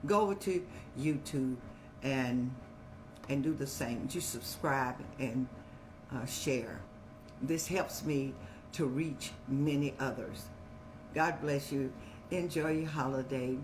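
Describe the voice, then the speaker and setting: A woman's voice: extremely low pitch, takes it slowly, background noise. An older woman hosting a live-streamed advice show, talking in a motherly, preachy way and telling stories with laughs. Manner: motherly, preachy, addresses viewers as "child".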